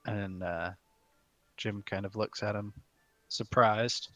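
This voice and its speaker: A man playing a tabletop game, describing his character's actions in a halting way. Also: fairly low pitch, steady tone, fairly bright tone, faint music behind. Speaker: player.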